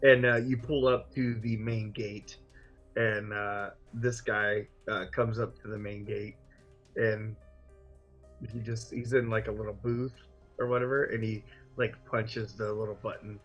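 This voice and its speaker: A man's voice: lowish voice, level tone, measured pace, fairly bright tone, highs cut off, soft background music. A man narrating a tabletop game as game master, rambling with lots of fillers. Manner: rambling and filler-heavy, with chuckles.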